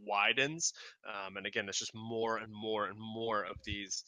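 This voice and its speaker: Over an online call, a man acts as game master for a tabletop game, narrating in a rambling, halting manner packed with fillers and restarts. His fairly low voice is pushed and bright with a steady tone, and there's no room sound.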